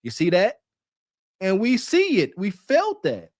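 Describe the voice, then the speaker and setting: A man's voice: high-pitched, huge pitch swings, a little slow, no room sound, studio quality. A man co-hosting a podcast, giving mocking, preachy reaction commentary. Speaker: podcast co-host.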